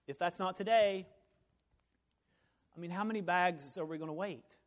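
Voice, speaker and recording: Male pastor, very high voice, folksy, animated evening sermon with hushed drops. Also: brisk. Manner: animated preaching that drops to near-whispers; folksy, joking asides. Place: church sanctuary, evening service.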